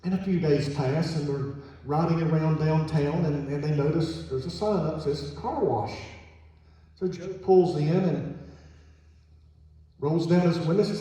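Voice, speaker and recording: Man, pastor, sermon storytelling, mellow tone, distant echoey hall sound. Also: fairly high pitch, moderate pace. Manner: storytelling with quoted dialogue. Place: church sanctuary. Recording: echoey church hall from far off.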